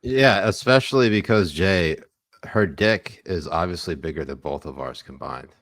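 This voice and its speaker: A man's voice: deep voice, moderate pace, fairly bright tone, dry recording. A male podcast co-host bantering crudely and sarcastically about politics, swearing and laughing often.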